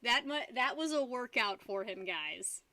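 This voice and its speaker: A woman's voice: fairly high pitch, expressive, measured pace, bright, forceful tone, dry recording. A young woman hosting a live stream from home, chatting loosely and giggling while she paints. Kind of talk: casual chat while painting.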